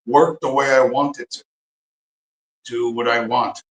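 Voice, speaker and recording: A man hosting his own livestream, talking in a heated, profane rant and hammering his points home by repeating them. His voice sits at an ordinary middle pitch. The room around him has a noticeable roomy echo. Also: flat delivery, a little slow. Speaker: livestream host.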